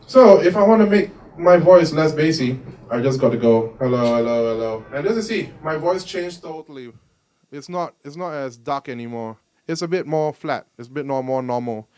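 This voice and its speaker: In a music store workshop room with no echo, a male instructor with a higher, darkish voice leads a live home-recording demo. His explanations of mic technique wander loosely and lean heavily on "like" and other fillers.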